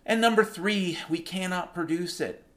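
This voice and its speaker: A man delivering a blunt, profane monologue as a financial commentator, talking straight to his viewers and slowing down to hammer home key points. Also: high-pitched, a bit bright. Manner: blunt, profane, emphatic, slows down to stress points.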